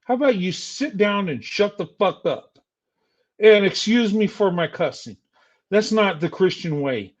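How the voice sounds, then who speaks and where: A man's voice: sits high, expressive, measured pace, lo-fi sound. An older man streaming a heated, insulting rant at a rival. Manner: angry, insulting, taunting.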